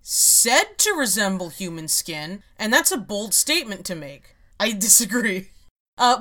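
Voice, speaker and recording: A woman's voice: mid-range voice, fairly bright tone. A woman hosts a casual podcast chat. She explains her topic in a wry, rambling way, with frequent laughs. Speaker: podcast host.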